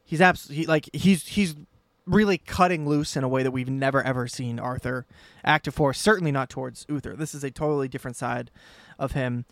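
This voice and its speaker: A man co-hosting a podcast, recapping a TV episode in casual chat, joking, laughing often and pausing with many ums. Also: mid-range voice, no echo. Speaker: podcast co-host.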